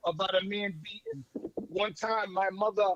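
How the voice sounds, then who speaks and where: Man, high voice, slow deliberate storytelling, casual podcast talk. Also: fairly even intonation, pushed and bright, dull audio.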